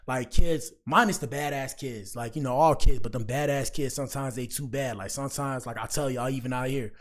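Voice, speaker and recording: A man's voice: mid-range voice, brisk. Slangy man hosting a livestream. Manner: rambling, slangy, addresses chat often with "bro". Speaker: livestream commentary host. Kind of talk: casual livestream commentary.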